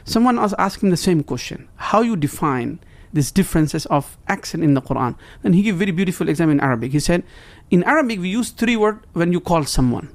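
A man speaks quickly, rattling through explanations in broken English with a fairly high voice. He breaks into quick Arabic recitation as he makes his points, earnest and teacherly. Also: animated. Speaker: guest religious scholar. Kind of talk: explaining in conversation.

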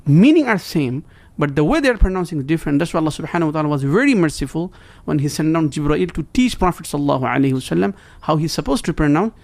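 This man's voice is on the high side and gravelly, with a darkish tone and lively intonation; he talks fast and leaves few pauses. As a guest scholar he explains earnestly in conversation, using broken English and reciting Arabic phrases he quotes.

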